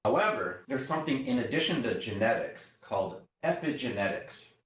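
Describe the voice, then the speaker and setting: A man's voice: medium pitch, lively intonation, moderate pace, fairly bright tone. A man lecturing to a university class. He explains step by step and often checks in with the students by asking "right?". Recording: echoey classroom, mic far off.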